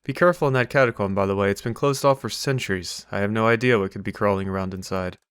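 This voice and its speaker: A man's voice: on the low side, fast, clean tone, dry recording, pitched below the performer's own voice, lightly acted. A man voicing an earnest young prince who speaks urgently. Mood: relieved.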